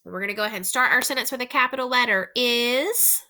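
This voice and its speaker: A woman teacher, her voice fairly high, bright and forceful, slowly runs a spelling test for young students. She repeats every word and gives instructions in a careful, deliberate way.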